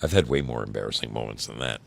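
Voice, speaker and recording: A man's voice: a bass voice, quick pace, gravelly, heavy background noise. A man hosting a show from home, reading embarrassing stories aloud with wry, amused asides. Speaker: podcast host.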